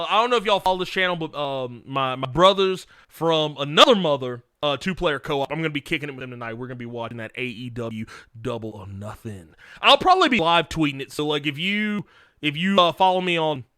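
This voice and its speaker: A man hosting a livestream, chatting frankly and excitably, laughing often and swearing as he answers viewer questions. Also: a little high, a little fast, smooth, no room sound, studio quality. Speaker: livestream host.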